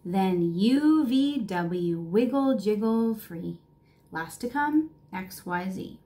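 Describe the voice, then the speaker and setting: A woman reading a picture book aloud to children, playful and expressive, sometimes dropping to a whisper and sometimes rising in excitement. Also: medium pitch, slow pace. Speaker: children's storybook reader.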